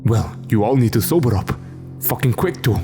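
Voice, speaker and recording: A man voicing a sharp, scolding woman soldier with a thick foreign accent. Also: mid-range voice, animated, normal speed, music in the background, lightly acted. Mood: commanding.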